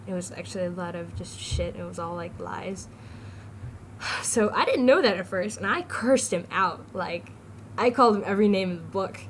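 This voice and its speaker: A woman's voice: on the low side, normal speed, slight background noise, poor audio. A teenage girl vlogging, chatty and giggly, jumping from topic to topic. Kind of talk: casual rambling vlog.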